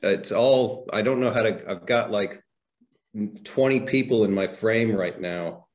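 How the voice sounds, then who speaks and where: A man's voice: on the low side, measured pace. A man, a guest, chatting hesitantly and sheepishly over a video call. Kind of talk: casual interview chat.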